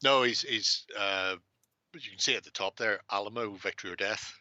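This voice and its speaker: A man's voice: fairly low pitch, fairly quick, pushed and bright, no room sound, highs cut off. A man hosting a casual chat, swearing and joking freely. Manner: sweary, laughing banter. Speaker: host.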